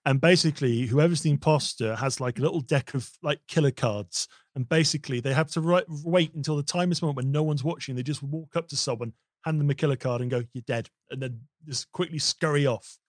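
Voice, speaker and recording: A man hosting a casual streamed chat, animated and joking, often restarting his sentences. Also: a little high, fairly quick, few pauses, no room sound, clean studio sound. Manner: animated, hops into silly voices, many restarts. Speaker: host.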